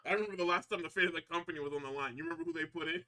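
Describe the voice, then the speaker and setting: High bright-voiced guy ranting about wrestling, laughs a lot, acts out promos. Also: rapid-fire. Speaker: podcast co-host recapping wrestling. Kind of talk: casual profane recap chat.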